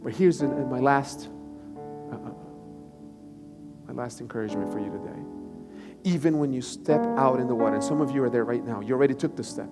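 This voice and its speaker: A male pastor preaching a live sermon, moving between loud emphatic bursts and quiet, low passages and repeating key phrases for emphasis. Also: a little fast, long pauses. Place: church sanctuary. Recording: live church recording with long reverb and music behind.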